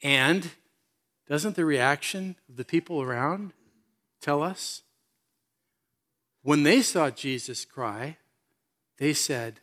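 A man's voice: fairly high pitch, lively intonation, slow, long pauses, fairly bright tone. A man preaching a sermon as pastor, reading scripture and speaking earnestly with questions to his listeners.

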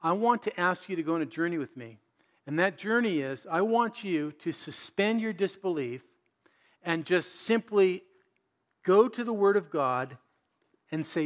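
Animated man preaching a sermon. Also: high-pitched, unhurried. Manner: animated, conversational preaching with rhetorical questions. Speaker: pastor.

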